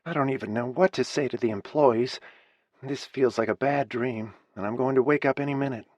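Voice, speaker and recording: A man's voice: medium pitch, fairly quick, no echo, voice pushed up, close to an everyday voice. A male audiobook reader voicing a grief-stricken woman in her forties, distraught with a breaking voice. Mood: numb, shaken. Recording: slightly muffled dry recording.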